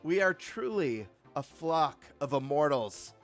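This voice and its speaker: A man hosting a live stream, chatting casually and greeting viewers with excited energy. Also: on the high side, takes it slowly, soft background music.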